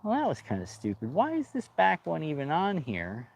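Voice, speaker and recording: A man's voice: on the high side, wildly swooping pitch, normal speed, creaky, a little mellow. A man talking casually to his viewers while working on his boat outdoors, rambling and joking, calling them dude. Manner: chatty, rambling, says dude a lot. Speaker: boat restoration vlogger.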